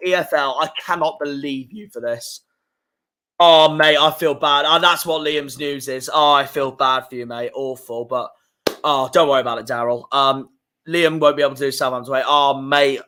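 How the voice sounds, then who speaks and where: Swearing young football fan on a stream. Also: male voice, a little high. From England. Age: young adult. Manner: frustrated, swearing, loud outbursts. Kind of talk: live stream reaction.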